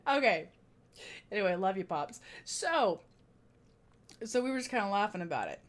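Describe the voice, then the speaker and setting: A chatty woman vlogger retells a dinner with friends, her voice rising and falling a great deal as she goes. She talks casually to her viewers in a relaxed, storytelling way. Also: medium pitch, normal speed. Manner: chatty, animated retelling with frequent laughs.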